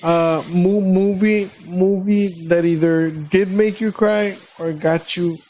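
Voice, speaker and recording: A man's voice: high voice, fairly even intonation, slow, darkish tone, slight background noise. A man co-hosting a podcast, chatting casually and teasing the others with a laugh.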